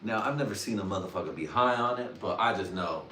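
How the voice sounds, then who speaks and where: A man's voice: on the low side, fast talker, pushed and bright, a little hiss or hum. A man doing crude, rambling comedy on a livestream, swearing freely and laughing at his own jokes. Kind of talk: crude stand-up riffing on a livestream. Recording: roomy sound, distant from the mic, faint ambience.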